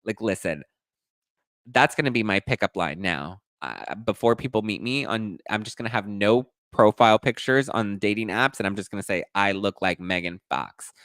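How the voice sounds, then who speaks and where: A man hosting a podcast and dishing gossip in a sassy, animated way, acting out quotes in different voices. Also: lowish voice, moderate pace, no echo. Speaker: podcast host. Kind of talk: casual gossip commentary.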